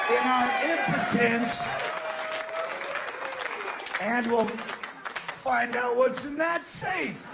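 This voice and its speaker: A man doing a stand-up comedy set, ranting sarcastically and often breaking into mock shouts. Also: very high-pitched, very slow, gravelly, pauses often, a loud crowd, very noisy. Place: comedy club stage. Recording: live club recording with audience laughter. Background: audience laughter.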